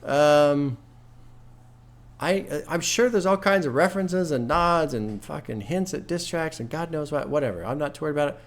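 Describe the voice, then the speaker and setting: A man's voice: a little high, moderate pace. A man hosting a casual album reaction, rambling through tangents with loose swearing and laughs at his own stories. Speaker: music reaction host.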